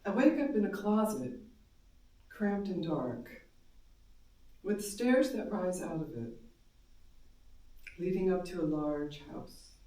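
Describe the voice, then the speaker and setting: A woman giving an intense, emotional live reading of first-person dream monologues, moving between hushed and loud. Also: lowish voice, lively intonation, takes it slowly, long pauses. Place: darkened live performance space. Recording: very echoey hall, voice from far off.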